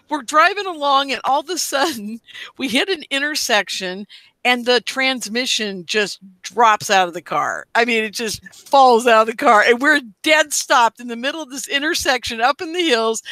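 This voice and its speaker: A woman guest telling a lively personal story in conversation, acting out the quotes. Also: fairly high pitch, moderate pace, no echo. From Portland, Oregon. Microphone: studio mic.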